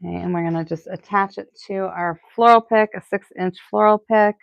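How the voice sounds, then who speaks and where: A woman's voice: medium pitch, steady tone, a little fast, creaky, no room sound, dull audio. A middle-aged woman with a Boston accent, chatting casually and rambling with lots of fillers while she hosts a live crafting stream. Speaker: florist hosting a live stream.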